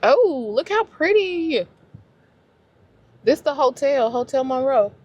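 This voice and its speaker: A woman from Louisiana, US, speaks slowly in a high, sing-song voice with a darkish tone, and the audio sounds dull. In a casual, emotional solo travel vlog filmed in her car and a restaurant, she chats away and talks to herself.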